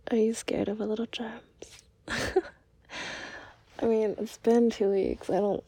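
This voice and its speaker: Breathy whispering woman, slow and flirty. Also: fairly high pitch, flat delivery, dry recording. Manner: flirtatious and giggly, soft and hesitant. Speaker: audio role-play performer. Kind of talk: whispered role-play.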